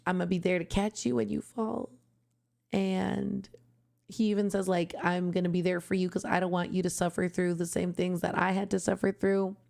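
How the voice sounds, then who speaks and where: A woman's voice: fairly low pitch, flat delivery, normal speed, creaky, darkish tone. A young woman streamer reacting to an album, talking in a heartfelt, gushing way that turns tearful at times. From Canada. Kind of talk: emotional casual reaction commentary.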